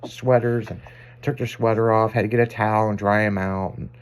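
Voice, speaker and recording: A man's voice: lowish voice, steady tone, a little fast, clean tone. A man hosting a radio show, telling rambling, profane stories in a casual on-air chat. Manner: rambling, profane, self-amused anecdotes.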